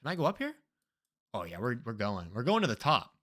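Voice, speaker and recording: A young man streaming himself playing a geography guessing game, excitable and swearing freely, with loud outbursts. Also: mid-range voice, brisk. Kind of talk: live-stream reaction commentary.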